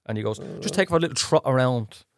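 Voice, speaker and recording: A man's voice: mid-range voice, fast, slight background noise. A man in his forties with a Dublin accent, a guest actor telling colloquial anecdotes in a casual chat. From Ireland. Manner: lively anecdotal, colloquial, plays voices in quotes. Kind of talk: casual storytelling.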